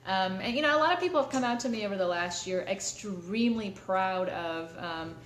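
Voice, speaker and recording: A woman's voice: mid-range voice, animated, brisk, slight background noise. A woman hosting a live stream, talking candidly to her viewers, with many fillers and restarts. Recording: echoey room, faint ambience.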